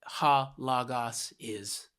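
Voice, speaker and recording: Man, podcast co-host, unhurried teaching talk, mid-range voice, patient with simple examples. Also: mid-range voice, a bit bright, clear, resonant tone. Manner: patient, explains with plain everyday examples.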